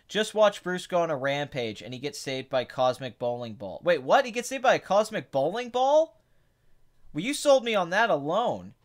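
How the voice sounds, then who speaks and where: A man hosting a podcast, chatting casually about movies in a blunt, sarcastic, opinionated way. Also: fairly high pitch. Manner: blunt, opinionated, sarcastic, swings between flat and excited. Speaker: podcast host answering chat questions.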